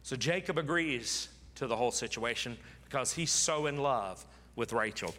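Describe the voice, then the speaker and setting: Bright-voiced preacher in a reverberant hall. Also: male voice, medium pitch, animated, normal speed. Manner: dramatic scripture reading, repeats phrases for emphasis. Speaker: pastor. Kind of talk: sermon.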